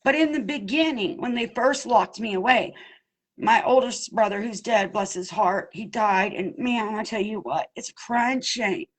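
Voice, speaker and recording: Woman, husky voice, mid pitch, emphatic and pleading personal testimony, talks straight to her listeners. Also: poor audio. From Pennsylvania. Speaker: abuse survivor speaking out.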